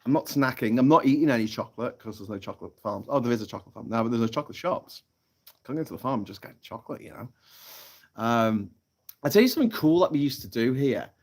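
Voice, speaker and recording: A British man talks casually on a live stream, stopping and restarting his sentences. He rambles and repeats words, and his voice sits at an everyday middle pitch. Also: lively intonation, fast, a little mellow. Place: outdoors on an island, in a hammock.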